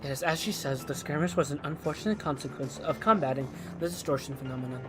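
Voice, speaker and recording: A man voicing a calm, collected young woman who explains things precisely and quietly. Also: fairly high pitch, fast talker, over music, natural voice.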